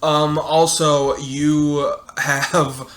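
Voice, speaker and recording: Bright-voiced man arguing loudly. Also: a little high, little pitch movement. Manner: loud, profane, argumentative, quick to laugh. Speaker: podcast co-host. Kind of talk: casual debate chat.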